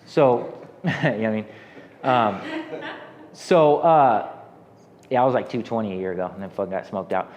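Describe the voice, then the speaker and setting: A man's voice: on the low side, moderate pace, pauses often, darkish tone, highs cut off, slight background noise. An American man in his thirties telling a rambling, profane war story as an interview guest, with many restarts. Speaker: guest, army veteran.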